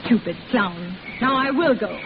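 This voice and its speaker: An actress playing an emotional young woman in love, sharp-tongued and tender in turn, in 1940s film style. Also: fairly high pitch, expressive, measured pace, a little hiss or hum. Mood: scolding. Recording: tinny old film soundtrack with music and crowd.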